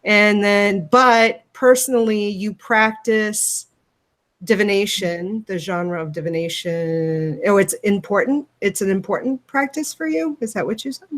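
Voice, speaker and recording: A woman's voice: medium pitch, a little slow, fairly bright tone. A woman co-hosting a casual livestream chat, talking loosely with many fillers and restarts. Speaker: podcast co-host.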